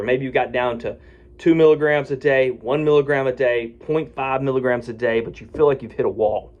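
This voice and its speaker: A man's voice: medium pitch, a little mellow, lo-fi sound. A man who is a physician, explaining a medication taper in a casual, folksy way and often checking in with "okay?" and "right?". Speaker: physician giving addiction-medicine advice. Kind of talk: casual talk to camera.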